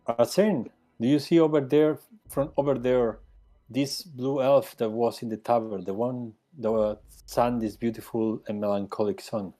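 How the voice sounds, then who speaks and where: Earnest, mellow-voiced male player. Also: medium pitch, fairly even intonation, a little slow. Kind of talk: in-character speech at a tabletop game.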